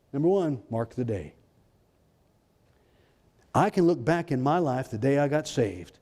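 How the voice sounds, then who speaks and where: A male pastor preaching a fervent sermon, swinging between loud exclamations and hushed, intimate lines. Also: medium pitch, expressive, a little slow, pauses often. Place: church sanctuary. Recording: long hall reverb in a church.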